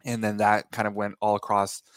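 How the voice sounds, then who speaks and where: A man in his thirties talks as a guest, telling his story in a loose, rambling way. His voice sits low with little rise and fall. The sound is dry and close, with no room around it. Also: monotone, fairly quick, clear, resonant tone, no echo. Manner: rambling, self-correcting, laughs while telling stories. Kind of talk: casual interview storytelling.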